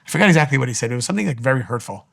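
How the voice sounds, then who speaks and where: A man's voice: medium pitch, lively intonation, rapid-fire, creaky, a bit bright. A man giving an earnest spiritual teaching talk, urging his listeners with repeated short exhortations.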